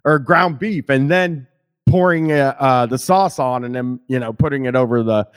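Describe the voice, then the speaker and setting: A man's voice: medium pitch, normal speed, clean tone. A man in casual conversation who rambles, restarts his sentences, swears freely and laughs easily. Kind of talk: casual chat.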